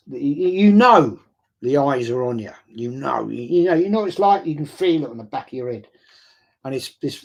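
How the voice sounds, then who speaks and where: A man telling a story on his live stream. His pitch sits in an ordinary middle range for a man. His storytelling is animated and loose, full of swearing and repeated words. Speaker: streamer answering viewer questions. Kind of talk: casual storytelling chat. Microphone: streaming setup mic.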